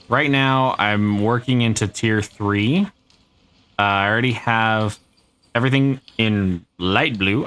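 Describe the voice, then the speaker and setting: A man's voice: lowish voice, sharp tone. Laid-back man narrating his gameplay. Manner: laid-back, thinking aloud, shrugging things off. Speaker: game streamer. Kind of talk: casual live gameplay commentary.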